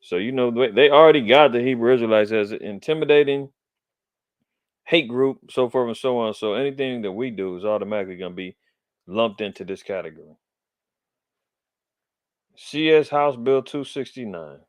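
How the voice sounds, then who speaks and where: A man's voice: mid-range voice, normal speed, long pauses, no room sound. A middle-aged man from Los Angeles hosting a religious commentary show, indignant and preacherly as he comments on the news and reads scripture with emphasis.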